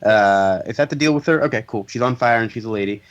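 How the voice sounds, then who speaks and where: A man's voice: lowish voice, fast talker, clear, resonant tone, muffled recording. A man hosting a casual comics podcast, summing up plot points in a joking, playful way and acting out lines. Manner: joking, summarizes plots with playful voiced quotes. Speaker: podcast host.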